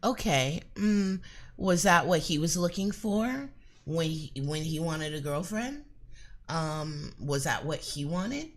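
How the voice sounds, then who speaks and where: A woman's voice: low voice, lively intonation, slow pace. A woman giving a live psychic reading in a chatty, hesitant way, with many fillers and an occasional cough. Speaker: psychic reader.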